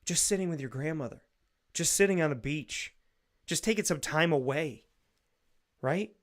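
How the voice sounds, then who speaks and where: A male show host giving an earnest, repetitive spoken reflection on faith, building to animated bursts. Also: a little high, moderate pace.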